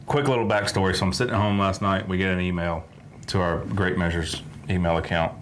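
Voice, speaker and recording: A man's voice: deep voice, steady tone, fairly quick, slight background noise. A man with a Southern US accent hosting a music reaction show, chatting in an easygoing way and telling stories. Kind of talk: casual chat.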